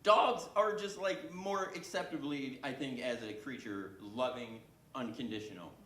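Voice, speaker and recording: A stand-up comic performs a set on a club stage, self-deprecating and chatting with the crowd. His mid-range, fairly bright voice moves a little slowly, and the club room is echoey with faint background ambience.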